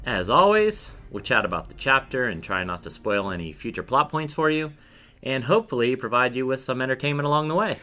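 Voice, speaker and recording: Bright-voiced, easygoing man. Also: medium pitch, sing-song, brisk. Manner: easygoing and teasing. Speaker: podcast co-host. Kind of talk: casual podcast chat.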